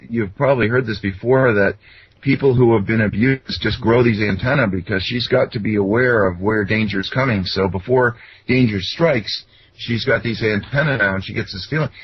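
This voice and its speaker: A man's voice: medium pitch, a little hiss or hum. A man telling personal anecdotes in a casual, rambling way, with many fillers and restarts. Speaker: guest. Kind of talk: casual storytelling interview. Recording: dull lo-fi sound.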